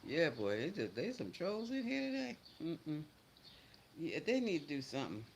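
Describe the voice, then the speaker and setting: Middle-aged guy on a livestream reading chat, animated, bouncy tone, talks straight and scolds the trolls, faint hiss behind. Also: fairly high pitch, moderate pace, creaky, poor audio. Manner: chatty, greets viewers and answers chat comments; blunt and scolding toward trolls. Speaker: livestream host.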